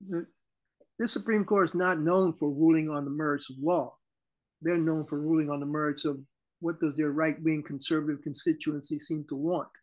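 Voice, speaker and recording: A man's voice: fairly high pitch, normal speed. Indignant male talk show co-host. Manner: animated, indignant commentary. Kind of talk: political talk show discussion.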